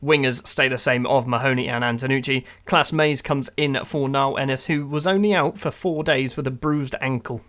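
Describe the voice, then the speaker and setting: A man's voice: medium pitch, fairly even intonation, moderate pace, hardly any pauses, a bit bright. A man giving wry, exasperated play-by-play of his own football management game. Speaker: gaming YouTuber. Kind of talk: casual game commentary.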